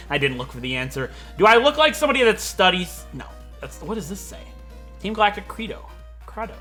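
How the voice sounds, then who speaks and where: Animated joking young man gaming. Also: fairly high pitch. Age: 20s. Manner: rambling, joking, laughs a lot. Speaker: let's play host. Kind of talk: gameplay commentary.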